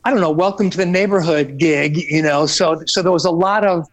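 A man who is a rock singer, a guest in a casual interview, speaking in an easygoing, halting, self-deprecating way. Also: fairly high pitch.

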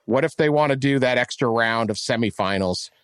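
A man from West Virginia co-hosts a casual sports talk podcast, rambling through his points and stopping often to correct himself. His voice sits at an ordinary middle pitch. The sound is dry and close, with no room around it. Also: brisk, smooth, no echo. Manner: rambling, self-correcting, animated. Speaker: podcast co-host.

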